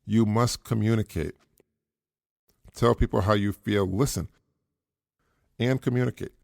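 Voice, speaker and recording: A man's voice: lowish voice, fairly even intonation, measured pace, gravelly, a little mellow, no echo, clean studio sound. A middle-aged man hosting a podcast, giving casual parenting advice in an earnest, repetitive way and chuckling at his own points. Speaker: podcast host.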